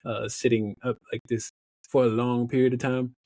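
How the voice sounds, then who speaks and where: Animated storytelling man, dry close sound. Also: medium pitch, normal speed, dry recording. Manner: animated, laughs often, acts out quoted dialogue. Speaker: podcast guest, motivational speaker. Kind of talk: casual storytelling in an interview.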